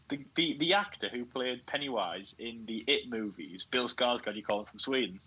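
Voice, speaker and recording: A man's voice: mid-range voice, normal speed, slight background noise, poor audio. A man from New Zealand, a podcast co-host on a video call, rambling and laughing through casual stories. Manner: rambling, laughing, excitable storytelling. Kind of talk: casual chat.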